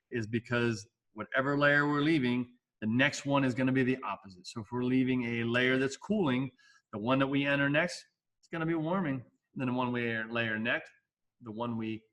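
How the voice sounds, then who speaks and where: A man's voice: medium pitch, pushed and bright. A male science teacher giving a casual, jokey classroom lecture with asides.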